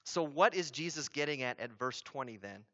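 Pastor guy preaching, sharp tense voice, lots of rhetorical questions, kinda muffled lo-fi audio. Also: expressive, normal speed. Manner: emphatic, with rhetorical questions and repeated key phrases; swings from loud urgency to a low hush. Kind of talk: sermon.

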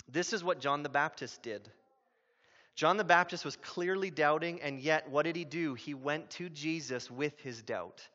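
A man preaching with a high, bright, forceful voice, earnest and pressing his point with questions. His words ring out with a long hall reverb. The sound is a little dull and muffled. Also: unhurried. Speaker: pastor. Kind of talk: sermon.

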